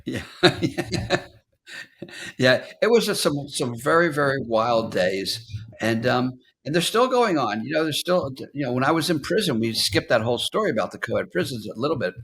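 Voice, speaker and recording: A man in a casual interview speaks in a relaxed, easygoing way at an average pitch. He tells his stories in a conversational tone and laughs lightly as he goes. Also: moderate pace, gravelly, slight background noise. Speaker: interview guest.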